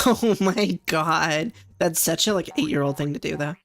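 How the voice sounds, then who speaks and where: A woman's voice: low-pitched, lively intonation, moderate pace. A young Scottish woman streaming, chatting casually and swearing loosely as she reacts to videos. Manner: loose, sweary, giggly, rambling.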